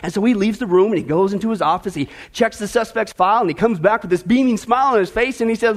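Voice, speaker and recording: A man's voice: high-pitched, fast, few pauses. A man preaching a sermon, opening with a chatty, playful story told to his congregation. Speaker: pastor.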